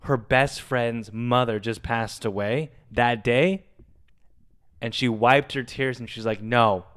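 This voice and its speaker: A man's voice: medium pitch, slow. A young man, a podcast co-host, telling a long story casually and acting out what people said. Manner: animated storyteller acting out quotes.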